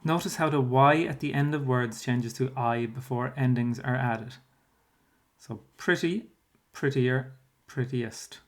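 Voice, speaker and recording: A man's voice: medium pitch, steady tone, moderate pace, hardly any pauses. A man, a primary school teacher talking a class through a spelling workbook in a patient, explanatory way, with plenty of fillers. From Ireland.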